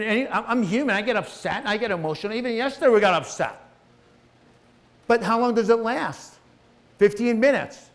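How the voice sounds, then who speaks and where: A middle-aged man giving a motivational stage talk to a live audience, emphatic and repetitive, speaking straight to the crowd. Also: high voice. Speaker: guest speaker. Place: event hall with live audience.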